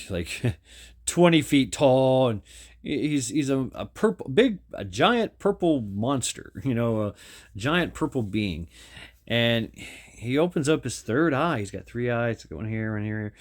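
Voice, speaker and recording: A man's voice: mid-range voice, lively intonation, measured pace. A man casually telling a story, rambling with restarts and fillers.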